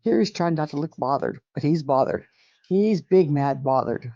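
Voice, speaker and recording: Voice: mid-range voice, lively intonation, normal speed, warm tone, no echo, lo-fi sound. A narrator giving scripted commentary over a clip, with snarky, mocking asides.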